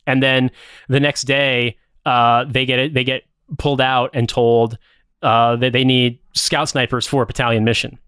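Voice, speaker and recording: A man's voice: mid-range voice, level tone, normal speed, fairly bright tone, smooth, no room sound, studio quality. A man co-hosting a podcast, casually recapping a film plot in a rambling, profane way, with lots of "like" and "uh". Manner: rambling, profane, many fillers. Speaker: podcast co-host.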